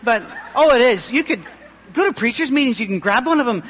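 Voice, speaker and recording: A middle-aged man pastor giving a humorous, self-deprecating sermon with a thin, high voice. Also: animated, brisk, a bit bright, big-room sound, a faint crowd, slight background noise.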